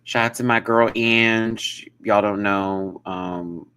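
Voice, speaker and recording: A man hosting a live review of a show in casual, animated, giggly chat. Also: on the low side, takes it slowly, clear, resonant tone.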